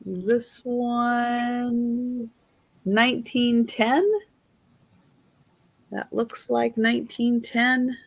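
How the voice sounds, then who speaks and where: A woman hosting a live online sale, showing items slowly and admiringly and counting down the bidding. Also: on the high side, level tone, breathy edge. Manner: slow, admiring, auctioneer-style counting.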